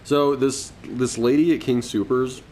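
A man's voice: mid-range voice, steady tone, unhurried, darkish tone, slight background noise. A young man, a podcast co-host, telling a story in loose, profane casual chat and laughing often. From Colorado.

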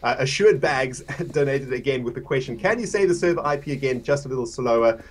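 A man's voice: medium pitch, fairly quick. A man chatting casually on a livestream, laughing often and reading out donations.

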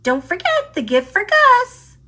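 Woman doing a squeaky bossy girl mouse. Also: huge pitch swings, measured pace, bright, forceful tone, heavily acted. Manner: scolding, squeaky, exasperated. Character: bossy impatient young female mouse. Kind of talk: storybook character voice.

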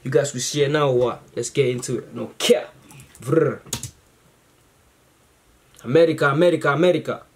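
A man hosting a reaction video, chatting casually to camera in a rambling, slangy way full of fillers, excited and grateful. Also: medium pitch, moderate pace, a little hiss or hum.

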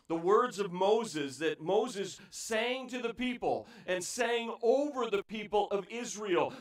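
A male pastor preaching an impassioned sermon, his voice swinging between near-shouts and hushed, pleading tones. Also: sits high. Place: church sanctuary. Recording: echoey church room, voice heard from a distance.

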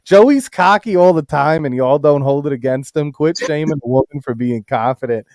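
A man's voice: fairly high pitch, normal speed, a little mellow. A man co-hosting a casual live stream, ranting with heavy profanity and reading out chat comments. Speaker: stream co-host.

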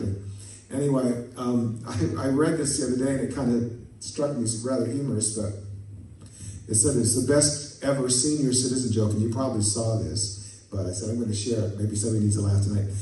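A man's voice: medium pitch, steady tone, fairly quick, dark tone, slight background noise. A man preaching a sermon as a pastor, folksy, telling jokes and stories and asking the congregation for amens. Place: church sanctuary. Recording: echoey church from a distant mic.

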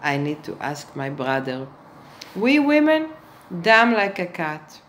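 A woman's voice: deep voice, lively intonation, a little slow, sharp tone, a little hiss or hum, poor audio. A woman giving a sarcastic monologue to camera, speaking with mock-earnest irony and addressing her viewers as children. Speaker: satirical vlogger.

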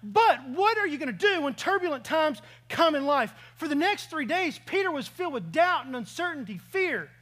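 A high-pitched male pastor preaching to his congregation. He tells a personal travel story with lively, acted-out reactions. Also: normal speed, few pauses. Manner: storytelling, acts out his own past reactions. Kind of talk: sermon.

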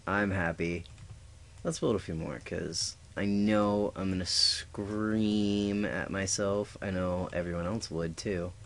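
A man's voice: low voice, steady tone, slow pace. Goofy man narrating his gameplay. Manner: goofy, talks to himself, makes sound effects. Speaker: let's play gamer. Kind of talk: casual gameplay commentary.

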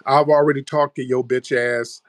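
A man's voice: medium pitch, level tone, moderate pace, no room sound. A man hosting a live stream, mocking and taunting a caller in a heated argument and repeatedly calling her "ma'am". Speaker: livestream host.

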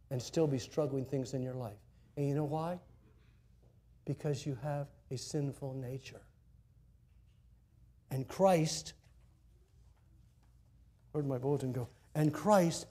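A male pastor preaching in a church with a slightly higher-than-average voice. He tells stories with animated energy, jumping from loud declarations to hushed asides. His delivery is conversational but emphatic. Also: slightly rough. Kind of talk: sermon.

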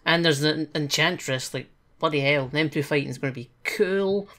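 A man hosting a podcast in casual chat, laid-back and quick to laugh. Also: a little high, sharp tone. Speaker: podcast host.

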